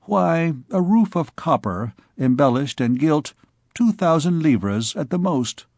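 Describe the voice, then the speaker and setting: A man's voice: on the high side, expressive, darkish tone, no room sound, clean studio sound, exaggerated voice. A man voicing a wily, wheedling royal doctor. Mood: pompous. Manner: slow, pompous, wheedling. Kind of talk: audiobook character reading.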